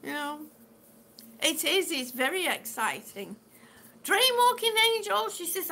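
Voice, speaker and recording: Woman live-streamer: high, bright, unhurried, affectionate chatter, with faint room noise behind her. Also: sing-song, gravelly. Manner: chatty and affectionate, calls viewers sweetie. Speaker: vlogger reading live chat. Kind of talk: casual live-stream chat.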